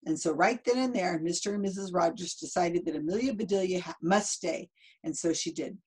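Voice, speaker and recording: A woman's voice: lowish voice, fairly quick, a little mellow, husky, poor audio. A woman in her fifties reading a children's book aloud, stopping for chatty asides about the pictures. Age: 50s. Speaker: storybook reader.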